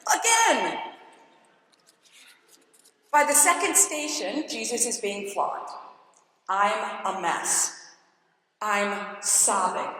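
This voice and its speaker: Woman keynote speaker, high bright voice, dramatic storyteller, heavy church reverb. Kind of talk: testimony talk at a women's church event. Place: large church. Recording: echoey church hall with long reverb.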